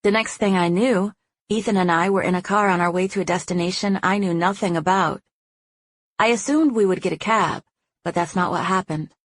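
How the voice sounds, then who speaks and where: A woman reading a first-person romance audiobook, narrating smoothly and giving the heroine's lines a lively, playful voice. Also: fairly low pitch, fairly quick, no echo.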